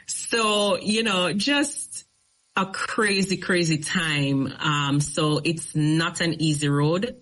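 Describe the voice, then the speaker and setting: A woman's voice: on the low side, slow pace, rough recording. A middle-aged woman, an attorney telling her story in a casual interview and building up emphasis as she goes. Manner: storytelling, animated retelling with rising emphasis. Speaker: attorney, guest.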